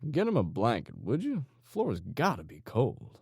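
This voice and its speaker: A calm, menacing gang leader talks in a slow, coaxing way, as a male narrator voices him. The voice sits higher than the narrator's deep natural tone and keeps a lively lilt. The recording is dry and close. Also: vocal fry, husky, no echo, exaggerated voice. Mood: calm menace.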